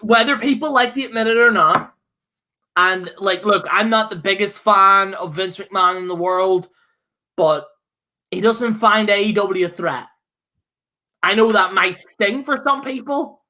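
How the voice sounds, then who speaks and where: A man's voice: high-pitched, pushed and bright. A man co-hosting a podcast, ranting with fiery, profane outbursts broken up by laughter. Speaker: co-host. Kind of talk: heated podcast rant.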